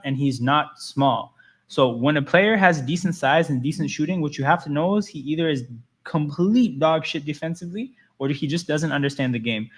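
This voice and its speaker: Chatty man hosting a livestream. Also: fairly high pitch. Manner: loose, chatty, reads and answers chat. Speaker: livestream host. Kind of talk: casual livestream chat.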